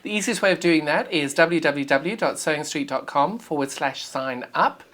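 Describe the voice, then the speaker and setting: A woman's voice: low-pitched, lively intonation, normal speed, fairly bright tone. A woman with a South African accent presenting live on a sewing shopping channel, gushing and urging viewers to buy. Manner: gushing, enthusiastic, urgent selling.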